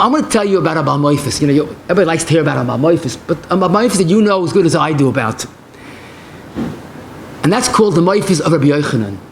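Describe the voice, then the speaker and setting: A man's voice: on the high side, a little hiss or hum. A man giving a passionate Torah lecture as a rabbi, telling stories in mixed with Hebrew and phrases.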